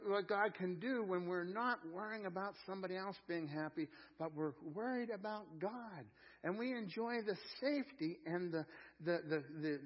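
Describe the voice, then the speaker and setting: A man preaches in a fairly high, husky voice, rising to loud emphasis and falling back to near quiet. He leans on key phrases and calls on the congregation to repeat lines after him. The church recording sounds dull and muffled. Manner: preaching with wide swings in loudness, drawing out key phrases. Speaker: pastor. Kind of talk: sermon. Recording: dull lo-fi sermon audio.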